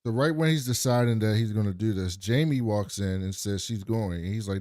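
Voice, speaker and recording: A man's voice: lowish voice, moderate pace, hardly any pauses, a little mellow, dry recording. Man, podcast co-host, casual plot recap, quotes characters, dry sound. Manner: storytelling, retells scenes with quoted lines.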